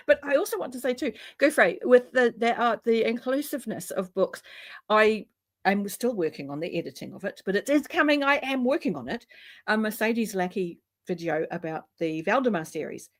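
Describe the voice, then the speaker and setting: A woman hosting a casual chat, chatty and quick to laugh. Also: on the high side, lively intonation. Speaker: host.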